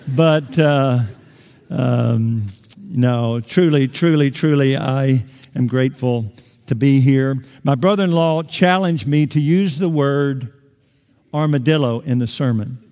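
A man's voice: medium pitch, warm tone. A middle-aged man, preaching a sermon with folksy, self-deprecating humor to a large church. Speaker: guest pastor. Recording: long hall reverb.

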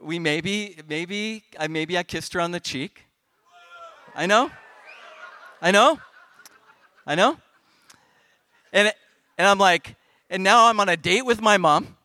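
A middle-aged man speaking on stage at a youth festival, telling a comic personal story to kids with big swings in loudness. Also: high-pitched, slow, pauses often, dry recording.

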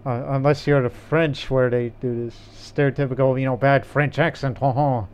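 A man's voice: mid-range voice, fairly even intonation, moderate pace, a little mellow, smooth. A man co-hosting a casual gaming podcast, rambling in an easygoing way with frequent restarts. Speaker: podcast co-host.

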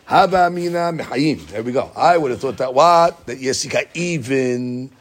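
A man's voice: medium pitch, animated, normal speed. A man teaching a Talmud study class, explaining step by step, repeating key phrases and answering students' questions.

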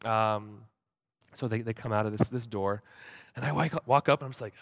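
A man's voice: on the low side, creaky, no echo, clean studio sound. A young man tells a story to a church audience, stumbling over repeated words and acting out the voices of the people he quotes. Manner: halting, many repeated words; acts out quoted voices animatedly. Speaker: speaker at a church gathering. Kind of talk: storytelling talk.

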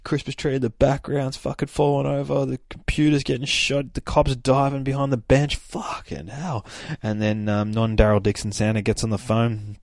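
A young man hosting a podcast, casually recapping a comic book with excitable, profane storytelling. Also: mid-range voice, a little fast, gravelly, hardly any pauses, no echo, studio quality. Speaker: podcast host.

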